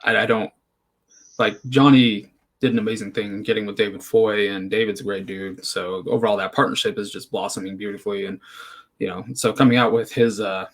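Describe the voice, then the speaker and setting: A man's voice: on the low side, steady tone, a little fast. A man as an interview guest, easygoing and hesitant, with many ums and you-knows. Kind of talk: casual interview chat.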